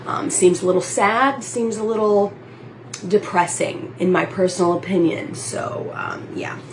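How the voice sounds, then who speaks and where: A woman's voice: mid-range voice, unhurried, noisy background. A woman introducing her comedic video from a laundry room in a breezy, offhand way. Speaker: video contributor.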